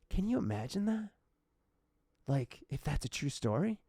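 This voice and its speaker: Gravelly man telling an emotional story. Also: on the high side, big pitch swings, normal speed, long pauses, mellow, no room sound. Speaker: podcast host. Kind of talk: casual podcast chat.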